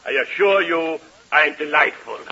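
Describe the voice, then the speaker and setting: An actor with a Danish accent playing a stiff, formal opera singer in a 1940s radio comedy, delivering his jokes deadpan. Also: fairly high pitch, moderate pace, gravelly, slight background noise. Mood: pompous. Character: pompous foreign opera singer, man. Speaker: guest singer in a sketch. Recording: muffled old radio broadcast.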